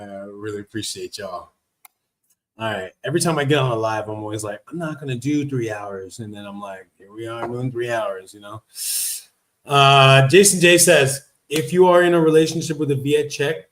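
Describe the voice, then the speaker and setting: A man hosting a casual livestream Q&A, reading viewer comments aloud and answering in a slangy, laid-back way. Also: mid-range voice. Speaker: livestream host.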